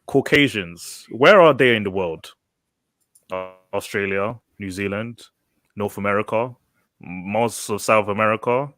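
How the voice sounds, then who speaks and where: A man's voice: lowish voice, unhurried, fairly bright tone. A man co-hosting a podcast, talking casually and thinking aloud with restarts and fillers. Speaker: podcast co-host. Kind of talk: casual group chat.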